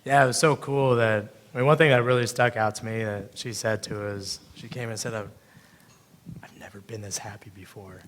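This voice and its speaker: A man's voice: fairly low pitch, fairly quick, a little hiss or hum. Encouraging male church leader. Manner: relaxed and encouraging, chiming in with short affirmations. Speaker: church leader hosting the testimony.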